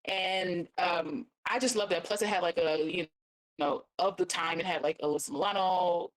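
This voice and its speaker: A woman who is a guest reviewer chats casually and bubbles along, saying "like" often. Her voice is on the low side for a woman. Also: normal speed, rough recording. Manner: bubbly, heavy use of "like". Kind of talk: casual chat.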